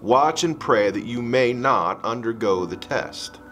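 A grave, sorrowful teacher facing death, as a male reader voices him, speaking slowly and quietly at an average pitch. Faint instrumental music hums behind the words. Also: expressive, lightly acted.

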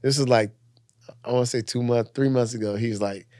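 A man's voice: medium pitch, steady tone, a little fast, a little mellow, no room sound, clean studio sound. A man from Louisiana, a comedian and entrepreneur, chatting loosely as a guest in a kitchen, laughing often and trailing off into fillers. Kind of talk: casual chat.

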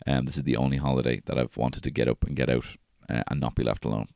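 A man's voice: very deep voice, steady tone, quick pace, vocal fry, darkish tone, no echo, clean studio sound. A man in his thirties hosting a podcast, rambling and swearing as he tells casual stories from his life. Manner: rambling and profane, with frequent restarts. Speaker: podcast host. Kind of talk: casual solo podcast storytelling.

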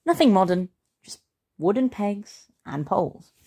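A woman reading the lines of a bright, bossy storybook mother, chirpy and quick to scold. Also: mid-range voice, very animated, husky, voice pushed up, full character voice.

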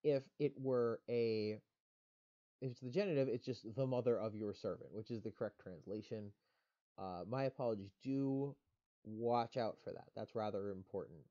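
A man's voice: fairly low pitch, normal speed, dark tone. Methodical male lecturer, lo-fi recording. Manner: methodical, explains step by step with fillers.

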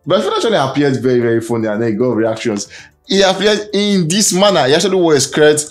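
A man's voice: a little high, lively intonation, fast. A young man hosting a casual entertainment news roundup, chatty and full of fillers, over faint music. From Nigeria. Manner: chatty, reads out fan comments, frequent fillers.

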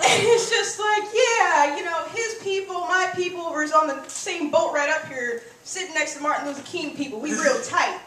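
A woman's voice: very high voice, moderate pace, a bit bright, slight background noise. A young woman performing a brash, profane stand-up comedy routine. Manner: brash, profane, punchy delivery. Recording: echoey room, far from the mic.

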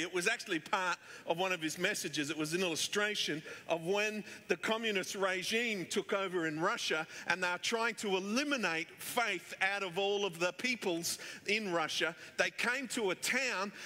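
A man's voice: high voice, sharp tone. A middle-aged man preaching a sermon, telling stories in a chatty way with plenty of fillers. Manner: chatty storyteller, many fillers. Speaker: pastor. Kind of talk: sermon with anecdotes. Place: church hall. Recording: echoey church hall.

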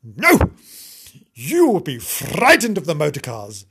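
A prim, motherly young girl, as a man puts her on in a comic storybook. The speech is careful and a little bossy, in a husky, slightly high voice. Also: wildly swooping pitch, slow pace, fairly bright tone, exaggerated voice. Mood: firm.

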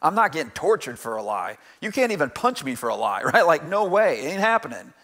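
A man in his forties gives a casual, conversational sermon in a church. His voice sits a little high for a man. He keeps checking in with "right?" and laughs easily as he goes. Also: big pitch swings, a little fast, pushed and bright. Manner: conversational, asks "right?" often, jokes and laughs. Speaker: pastor. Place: church sanctuary.

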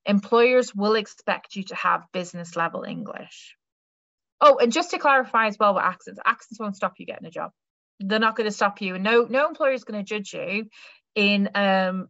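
A woman's voice: medium pitch, a bit bright, dry recording, highs cut off. A woman careers adviser giving a university careers webinar talk, chatty and reassuring, with many fillers.

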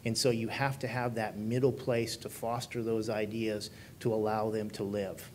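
A man with a somewhat low voice gives a talk in a conference room, putting questions to the audience and reacting to their answers. A faint rumble sits under the recording. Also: flat delivery, normal speed, a little mellow. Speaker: conference speaker. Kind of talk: conference presentation.

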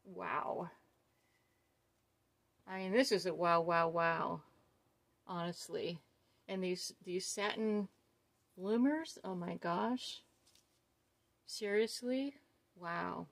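Slow-talking, gushing woman unboxing gifts. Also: on the low side, gravelly, no echo. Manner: gushing, awestruck, full of fillers. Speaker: doll collector vlogger. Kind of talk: casual unboxing chat.

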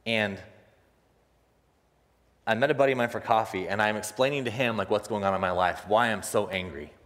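A young man preaching a sermon, telling a personal story in an animated way and acting out the other people's voices, laughing often. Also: lowish voice, brisk. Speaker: pastor. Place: church sanctuary. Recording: long reverb of a church hall.

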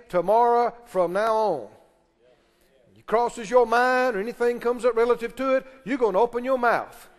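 Man, pastor, high-pitched, emphatic sermon, questions to the congregation, long hall reverb.

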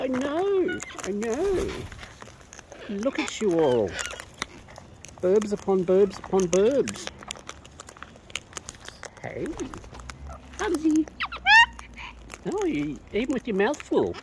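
A woman chatting playfully to wild birds as she feeds them outdoors, cooing and teasing them. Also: medium pitch. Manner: coos and baby-talks to birds, playful. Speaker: vlogger feeding wild birds. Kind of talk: casual chat to birds. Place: outdoors at a bird feeding spot. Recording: noisy outdoor audio with bird sounds. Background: birds chattering and clicks.

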